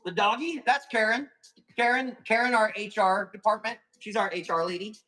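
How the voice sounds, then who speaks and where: Guy hosting a live plant auction, bright high voice, bouncy, swears casually. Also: steady tone, moderate pace, poor audio. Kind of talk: livestream sales chat.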